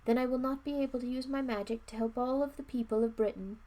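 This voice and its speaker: A woman voicing a sorrowful, apologetic old male wizard who speaks in a mournful, halting way. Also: a little high, steady tone, warm tone, voice pushed up, close to an everyday voice.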